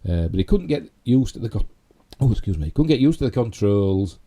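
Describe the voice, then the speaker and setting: A man's voice: on the low side, sing-song, a little fast, mellow. A middle-aged man with a Yorkshire accent, hosting a casual live stream and rambling chattily with self-mocking asides. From Yorkshire, England. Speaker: YouTube host.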